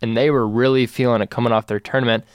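Casting note: male sports podcast co-host, smooth clear tone, dry close mic, laid-back and wry. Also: mid-range voice, steady tone, quick pace, no echo. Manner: easygoing, wry, laughs along. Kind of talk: casual sports chat.

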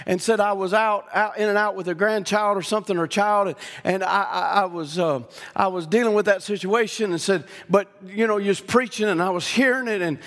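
A middle-aged man from Louisiana with a Southern accent, preaching a sermon in a folksy storytelling way with many restarts, rising to shouted climaxes. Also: high-pitched, steady tone, brisk, hardly any pauses, long reverb tail.

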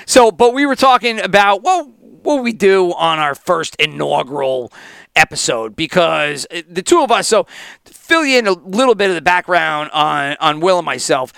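A man co-hosting a casual podcast, talking in an animated, wordy way. His voice sits high for a man, smooth and bright, with a gravelly edge. The sound is dry and close. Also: normal speed, dry recording. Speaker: podcast co-host. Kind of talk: casual chat.

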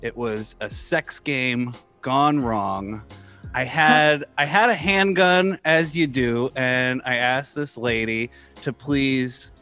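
A man's voice: medium pitch, slow, sharp tone, faint music behind. A man doing a confused boy ghost. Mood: rambling confession. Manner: confused, rambling. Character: confused male ghost, ex-record producer.

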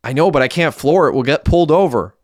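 Man voicing a young getaway driver, audiobook, terse, swearing, low pitch, dry close sound. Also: fast talker, clean tone, dry recording, close to an everyday voice. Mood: tense. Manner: terse, swearing under pressure. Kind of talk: audiobook character reading.

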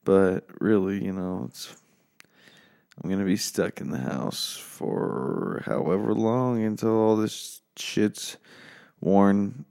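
Low gravelly man, quiet late-night ramble. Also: animated, slow pace. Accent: American. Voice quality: rough, low voice. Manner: talking low and quiet, laid-back and rambling, swears often. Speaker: podcast host. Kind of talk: casual late-night solo podcast. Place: home office at night.

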